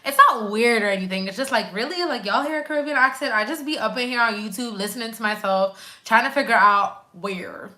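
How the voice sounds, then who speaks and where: Bright and forceful, her fairly high voice moves briskly with almost no pauses. She's a nurse and YouTuber from Quebec, Canada, chatting loosely on a live stream and reacting to viewers' comments with emphatic, slangy asides.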